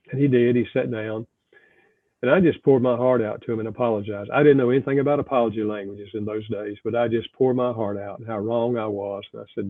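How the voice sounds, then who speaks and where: A man's voice: mid-range voice, fairly even intonation, brisk, no echo. Older man on a tinny phone line. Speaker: author and pastor guest. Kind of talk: reflective storytelling interview.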